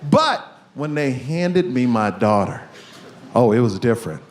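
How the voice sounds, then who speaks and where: A man performing a stand-up comedy set on stage, telling stories with sudden shouted punchlines. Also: mid-range voice, sing-song, unhurried, a little hiss or hum. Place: comedy stage before a live audience.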